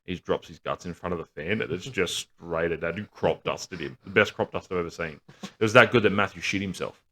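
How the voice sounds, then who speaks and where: A man's voice: sits low, brisk, a bit bright. A man, co-hosting a podcast, telling crude jokes and family stories with plenty of swearing and laughter. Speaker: podcast co-host. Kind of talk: casual banter.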